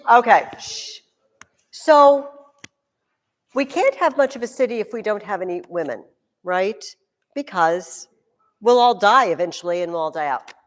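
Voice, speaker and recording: A woman teacher giving a classroom history lesson, telling the story in an animated, joking way. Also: medium pitch, measured pace, long pauses. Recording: echoey room with long reverb.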